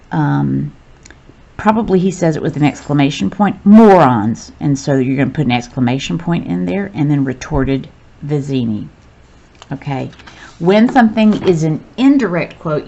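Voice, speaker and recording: Low, slow-talking woman teacher. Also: creaky, a little mellow, highs cut off. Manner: patient, step-by-step explaining. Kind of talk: recorded grammar lesson walkthrough.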